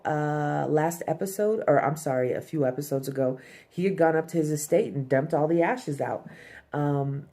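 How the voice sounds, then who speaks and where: A woman's voice: sits low, warm tone. A woman giving a casual, profane recap of a TV episode, full of "um" and "like". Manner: loose and profane, heavy "um" and "like".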